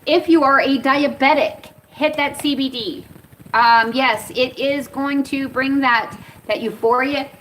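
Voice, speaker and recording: Outdoors in Arizona, an easily startled American woman rambles casually for her vlog while reviewing cannabis products. The audio is poor, with a distant mic and a little hiss or hum, and her voice is high-pitched, fairly bright, steady in tone and a little slow.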